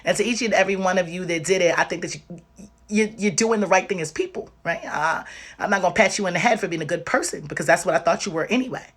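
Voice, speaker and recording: Woman, somewhat low voice, tearful and worn out, emphatic and direct, livestream talk. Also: quick pace. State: tearful and exhausted. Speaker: livestream host.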